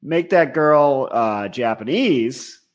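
A man's voice: mid-range voice, animated, slow. A man co-hosting a casual podcast, cracking wry jokes in easy banter. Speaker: podcast co-host. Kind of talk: casual chat.

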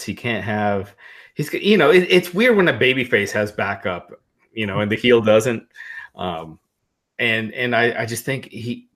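Slightly low, hesitant talking man. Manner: hesitant, many fillers and restarts. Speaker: wrestling podcast panelist. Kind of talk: casual chat.

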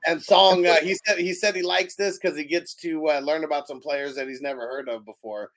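A man hosts a casual fantasy draft show on a podcast, easygoing and often laughing as he reads out chat comments. His voice is on the high side, fairly bright and fairly even in intonation, at a slightly fast pace.

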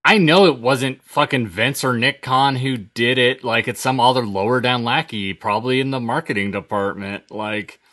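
A man co-hosting a wrestling podcast in casual chat, animated and swearing casually. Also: medium pitch, moderate pace, hardly any pauses, dry recording, studio quality. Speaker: podcast co-host.

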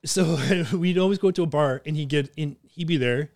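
A fairly high-pitched male voice at a normal speed, with no room sound in this studio-quality clip. He's a podcast host from southern Ontario, Canada, animatedly telling casual, profane stories punctuated by lots of laughter.

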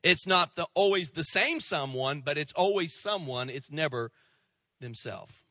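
Animated male pastor, high and bright, storytelling sermon. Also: measured pace, dry recording.

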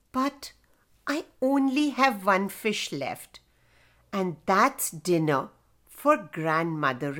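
A woman voicing an excited, polite little boy who talks eagerly and earnestly. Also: mid-range voice.

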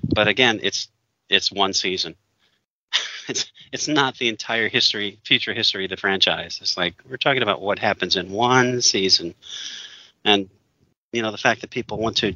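A man in a casual chat talks on at length, opinionated and quick to laugh. His voice is sharp and forceful, a touch low in pitch. The recording is dry and muffled, with a lo-fi dullness. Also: no room sound. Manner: opinionated, rambling, laughs often. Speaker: podcast co-host. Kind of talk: casual chat reviewing a movie. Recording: dull dry lo-fi sound.

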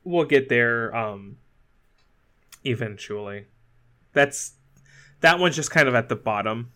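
A chatty man co-hosting a podcast, his voice bright and forward. He talks loosely, full of fillers and restarts, and laughs easily as he goes. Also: medium pitch, animated, takes it slowly. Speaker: podcast co-host. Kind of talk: casual chat.

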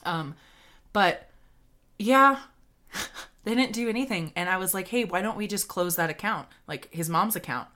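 A woman's voice: medium pitch, moderate pace, pauses often, bright, forceful tone. A woman co-hosting a podcast, telling a story in casual chat with frequent laughter. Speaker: podcast co-host.

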